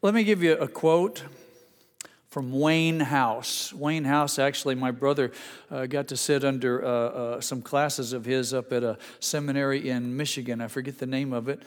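Halting pastor preaching in a reverberant hall. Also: male voice, fairly even intonation. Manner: halting, repeats words, rises to emphatic high passages. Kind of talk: sermon.

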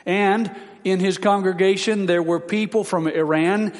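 A man's voice: sits high, steady tone, unhurried, long reverb tail. A man preaching a sermon, reading out quotes in a solemn, dramatic way.

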